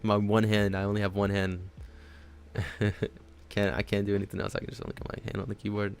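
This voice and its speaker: This man's lowish voice is gravelly yet smooth, completely flat in delivery and fairly quick. He's at home live-streaming day trades from his desk, dog on his lap, casually thinking aloud about chart levels and peppering his talk with "honestly" and "man".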